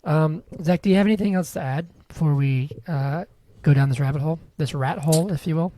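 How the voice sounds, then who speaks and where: Young male podcast co-host, a bit higher pitched, joking and rambling. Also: a little fast, warm tone, dry recording. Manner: joking, rambling, wheezy laughs. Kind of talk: casual chat.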